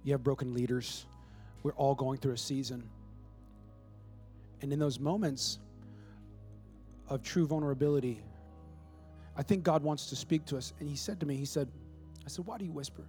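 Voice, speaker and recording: A male pastor preaches a live church sermon, emphatically repeating his points to exhort the congregation. His medium-pitched, dark voice holds a steady tone at a normal speed with frequent pauses, and faint music plays behind him.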